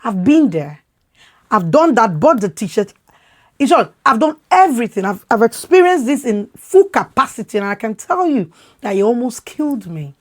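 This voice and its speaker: A Nigerian-accented woman in her thirties delivers impassioned opinion talk as a podcast host. Her somewhat high voice rises and falls a great deal, and she talks loudly and expressively. She often doubles back on words as she drives her point home. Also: normal speed. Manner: emphatic, repeats words when worked up; loud, expressive way of talking.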